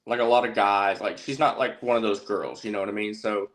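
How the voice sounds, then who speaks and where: A man with a somewhat low voice is a guest on a casual livestream. He speaks in a halting way, stopping and restarting often. He comes through a video call. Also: fairly even intonation. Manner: hesitant, halting, with fillers.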